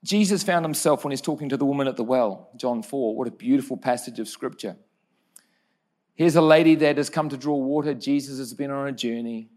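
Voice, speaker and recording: A man preaching a sermon, earnest and personal, telling stories and correcting himself with quick asides. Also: medium pitch, a little mellow. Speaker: pastor.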